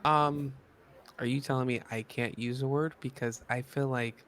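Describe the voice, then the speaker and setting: A man playing a tabletop game, talking in animated, swooping bursts that turn loud. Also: mid-range voice, normal speed, no room sound. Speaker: player. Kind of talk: in-character table talk.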